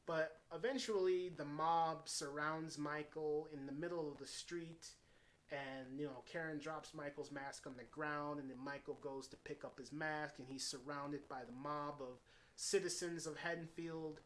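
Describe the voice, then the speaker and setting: A man giving a casual spoken film review, excitable and swearing freely as he runs through scene after scene. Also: on the high side, unhurried. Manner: excitable, swears freely, strings events with "and then". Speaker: movie reviewer.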